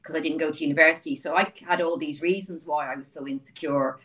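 Low-voiced Dublin woman, chatty and distant. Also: fairly even intonation, fast, background noise. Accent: Dublin Irish. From Ireland (Dublin). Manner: chatty storyteller, frequent restarts and you-knows. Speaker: guest. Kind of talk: conversational interview.

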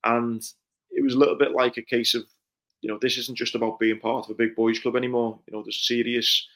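A man's voice: mid-range voice, flat delivery, fairly quick, a bit bright. A man, a former Marine recalling his training in an earnest, reflective interview. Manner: earnest, reflective, many fillers like "you know". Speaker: guest, former Royal Marine. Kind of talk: conversational interview storytelling.

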